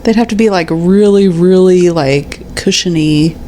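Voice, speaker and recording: A woman's voice: lowish voice, unhurried, mellow. A woman co-hosting a podcast in casual chat, laid-back, mostly giving short reactions. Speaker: podcast co-host. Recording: noisy recording with clicks.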